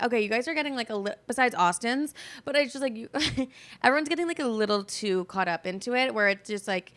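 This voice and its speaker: Nursing a sore jaw, a young woman rambles through a chatty podcast rant, packing it with fillers and swearing freely. She speaks on the high side, a bit bright.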